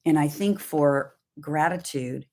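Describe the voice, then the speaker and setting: A woman's voice: deep voice, takes it slowly, mellow. A middle-aged woman from Southern California co-hosting a livestreamed devotional talk, telling personal stories in a reflective way. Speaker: co-host.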